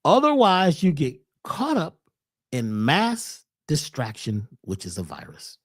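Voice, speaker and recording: A man giving a webcast talk on health in a preacherly way, swinging between loud lines and hushed ones. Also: on the high side, wildly swooping pitch, slow. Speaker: holistic health speaker.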